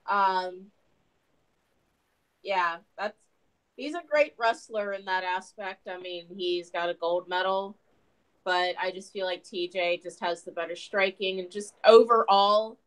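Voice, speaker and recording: A woman in casual podcast chat, giving her opinions in a measured, plain way. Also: mid-range voice, fairly bright tone, poor audio. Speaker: podcast co-host.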